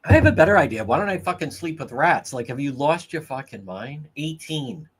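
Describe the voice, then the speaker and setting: A man's voice: fairly high pitch, brisk, slightly rough. A man hosting a livestream, telling stories in a casual, profane, laughing way. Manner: profane, laughing, animated storytelling. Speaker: livestream host.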